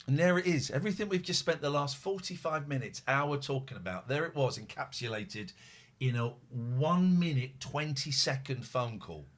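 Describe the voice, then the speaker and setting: A man's voice: mid-range voice, expressive, normal speed, fairly bright tone. A man hosting a phone-in show from home, ranting furiously, swearing and repeating himself. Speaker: host. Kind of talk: live phone-in show, angry rant.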